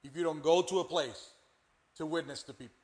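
A man's voice: fairly high pitch, a little fast, a little mellow. A man, a pastor, explaining scripture emphatically and repeating his key point. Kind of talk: sermon-like discussion.

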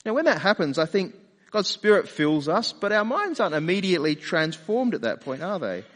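A man's voice: high voice, big pitch swings, fairly quick, fairly bright tone, in a large hall. A man preaching a sermon in a conversational way, often asking rhetorical questions. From Australia. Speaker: pastor.

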